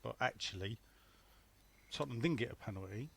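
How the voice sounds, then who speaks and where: A man's voice: mid-range voice, animated, a little fast, gravelly, a bit bright, slightly rough. A man on a casual football fan podcast, trading dry, teasing banter and giving his match summary. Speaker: podcast panelist.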